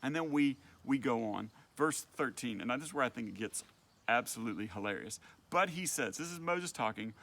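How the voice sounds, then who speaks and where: A man's voice: medium pitch, normal speed. A man teaching a church Bible study lesson in a conversational way, reading verses and explaining them. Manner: conversational, animated when voicing Moses.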